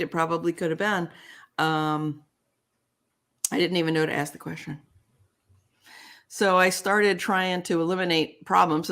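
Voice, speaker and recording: Older woman telling an animated story. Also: sits low, creaky. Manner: animated, acts out both sides of remembered dialogue. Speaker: guest. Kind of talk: storytelling in an interview.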